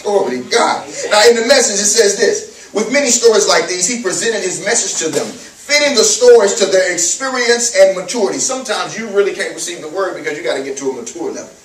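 A man preaching a sermon as pastor, reading scripture and riffing on it, often saying "amen" and "glory to God", getting loud and laughing as he acts out scenes. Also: high-pitched, fairly quick, few pauses. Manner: reads scripture then riffs on it, repeating "amen" and "glory to God"; loud, laughing, sing-song delivery when acting out the disciples. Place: church. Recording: echoey room, mic from a distance.

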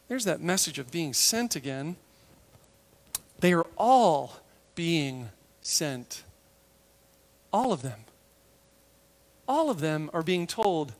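A man preaching a sermon, animated, acting out the voices of biblical figures and dropping to a hush for tender moments. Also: on the high side, takes it slowly, pauses often, long reverb tail.

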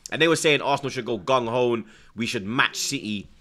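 A man's voice: mid-range voice, fairly quick, bright, forceful tone. A young man hosting a football watchalong stream, reading out viewers' comments and peppering his chat with slang like "blood" and "you get me". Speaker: livestream host.

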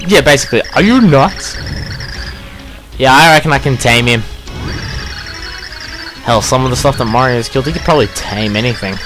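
A young man, commentating a video game playthrough, crude and swearing, yelling at the game. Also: medium pitch, fast talker, pauses often, faint music behind. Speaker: let's play gamer.

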